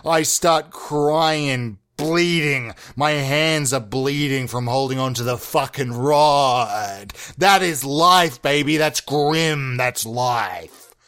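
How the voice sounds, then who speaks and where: A young man improvising as an earnest, melodramatic fisherman obsessed with catching the big one, rambling and deadpan with sudden overblown outbursts. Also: medium pitch, slow pace, smooth. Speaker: podcast host. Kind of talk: improvised comedy monologue.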